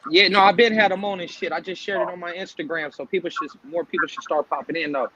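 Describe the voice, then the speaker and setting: Male panel guest, high-pitched voice, rambling casual talk, faint noise. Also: fairly even intonation, quick pace, highs cut off. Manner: talks at length with fillers like "man". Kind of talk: casual live-stream chat.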